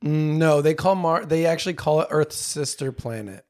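A young man co-hosting a podcast explains things casually, stopping and restarting as he hunts for words, with many fillers. His voice is on the high side with a darkish tone.

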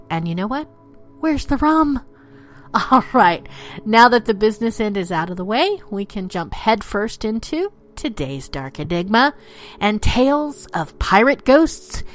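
Playful woman host spinning dark legends. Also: mid-range voice, sing-song, a little slow, faint music behind. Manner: playful, theatrical, slips into pirate talk. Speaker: podcast host. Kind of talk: storytelling narration of dark legends.

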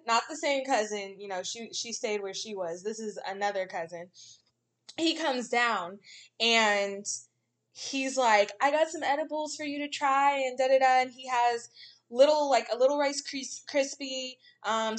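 A young woman telling a story in a casual podcast chat. She laughs often and acts out the quotes. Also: on the high side.

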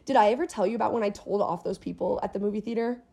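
Young woman with a mellow voice, storytelling. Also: mid-range voice, rapid-fire, gravelly. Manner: animated storyteller, swears casually. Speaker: podcast host. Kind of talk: casual chat.

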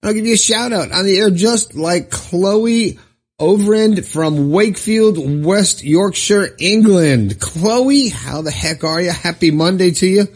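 Cheerful husky-voiced man hosting a podcast. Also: high-pitched, measured pace. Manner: cheerful, encouraging, reads listener letters aloud. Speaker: podcast host. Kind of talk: upbeat solo podcast talk.

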